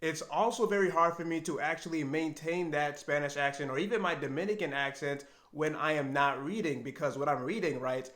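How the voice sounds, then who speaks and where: A man's voice: fairly high pitch, a little fast, hardly any pauses, fairly bright tone, reverberant. A man hosting his own channel, talking candidly and reflectively to camera from home about his doubts. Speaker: language learner and channel host. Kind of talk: solo talk to camera.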